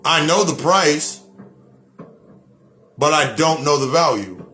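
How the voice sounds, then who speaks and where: Blunt, preachy man speaking fairly high. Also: expressive, takes it slowly, sharp tone, a little hiss or hum. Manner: preachy, repetitive, blunt with profanity. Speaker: spiritual speaker. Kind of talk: motivational monologue.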